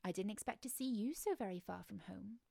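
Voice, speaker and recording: A woman's voice: mid-range voice, brisk, gravelly, warm tone, no room sound. A woman voicing a wise, secretive male kingfisher in a spoken storybook, grave and courteous. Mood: polite.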